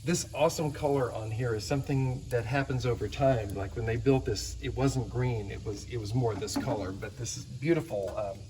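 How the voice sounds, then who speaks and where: A man's voice: mid-range voice, normal speed, hardly any pauses, warm tone, a little hiss or hum. A man hosting a cemetery vlog, narrating a casual walking tour outdoors, enthusiastic and rambling with lots of fillers.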